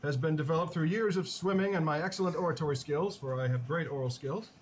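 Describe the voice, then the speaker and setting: A man's voice: on the high side, fast talker, slight background noise. A man playing a tabletop game, talking in a theatrical, pompous way. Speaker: player. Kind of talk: tabletop role-play.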